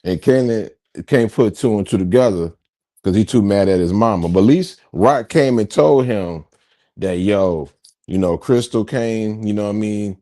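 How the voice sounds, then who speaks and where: A man's voice: on the low side, moderate pace, warm tone. A man hosting a casual TV reaction chat, groaning and drawing out his words in mock mourning. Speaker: reaction show host.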